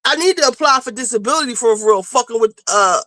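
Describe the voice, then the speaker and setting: A woman's voice: on the high side, animated, quick pace, fairly bright tone, no room sound. A woman panelist in casual chat, talking bluntly and rambling with plenty of swearing. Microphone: video call.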